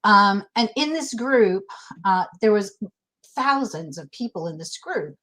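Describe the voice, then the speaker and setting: Candid and emotional, a middle-aged woman chats casually as an interview guest, frequently restarting sentences. She has a mid-range, a bit bright voice with lively intonation and an unhurried pace, captured in poor audio.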